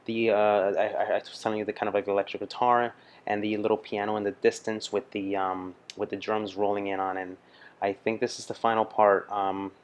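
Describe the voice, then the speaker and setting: A man's voice: lowish voice, level tone, a little fast. A man hosting a music reaction video, talking in a casual, gushing way with lots of fillers and restarts.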